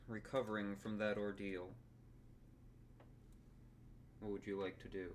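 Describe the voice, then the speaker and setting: A man narrating as dungeon master in a tabletop game, in a measured, deliberate way. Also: on the low side, level tone, a little hiss or hum.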